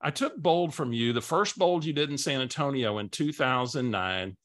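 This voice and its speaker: A man imitating a friendly, talkative middle-aged woman on a phone call, pitching his voice up. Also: expressive, moderate pace, no echo, studio quality, close to an everyday voice. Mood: chatty. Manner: warm, familiar, asks lots of questions.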